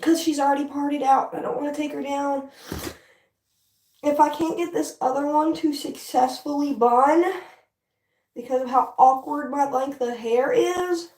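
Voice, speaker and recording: A woman's voice: sits high, fairly even intonation, measured pace, darkish tone, recorded from a distance. A young woman livestreaming as she styles her hair, chatting casually with viewers, frustrated and swearing. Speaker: livestream host. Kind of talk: casual livestream chat while styling hair. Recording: echoey room, voice off-mic.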